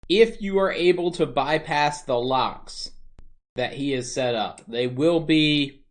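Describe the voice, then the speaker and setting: A man voicing a stern male commander who briefs a band of mercenaries in a formal, measured way, in an online tabletop fantasy role-play game. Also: medium pitch, close to an everyday voice. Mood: briefing.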